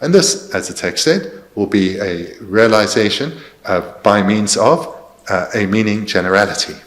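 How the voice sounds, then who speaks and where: Low-voiced man translating a teaching. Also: fairly bright tone. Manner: careful, measured, pauses with fillers to find terms. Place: meditation centre teaching hall.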